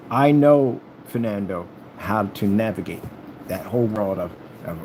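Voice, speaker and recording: Over some background noise, a man with a fairly low voice taunts a rival in a rambling monologue. This YouTuber sorts through paperwork indoors, humming to himself and repeating stock phrases.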